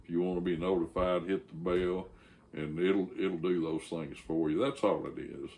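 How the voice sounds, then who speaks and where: A man's voice: low-pitched, fairly even intonation, moderate pace, a little mellow, a little hiss or hum. An older man, the host of his channel, telling a folksy, rambling story with frequent fillers and restarts.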